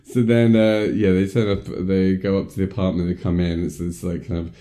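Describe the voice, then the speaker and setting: A man's voice: low voice, flat delivery, brisk, dark tone. A man casually recapping a film as a podcast co-host, rambling with many fillers and acting out lines. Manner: rambling storyteller, many ums, acts out lines in silly voices. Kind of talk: casual chat.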